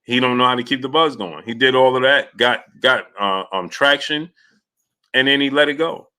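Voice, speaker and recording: Bright-voiced man hosting a casual stream. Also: medium pitch, normal speed, clear, resonant tone. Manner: loose and rambling, with many filler sounds and restarts. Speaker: boxing talk show host. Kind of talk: casual live-stream chat, greeting viewers by name.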